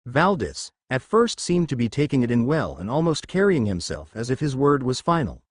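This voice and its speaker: A man's voice: mid-range voice, big pitch swings, normal speed, no echo, clean studio sound. A man reading a first-person story recap as scripted storybook narration.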